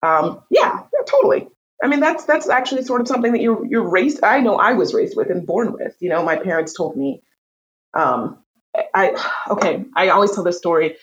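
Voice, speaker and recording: A woman being interviewed in a casual conversation, telling stories with lively energy and frequent restarts. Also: medium pitch, moderate pace, rough recording. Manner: animated storyteller, frequent restarts. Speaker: interview guest.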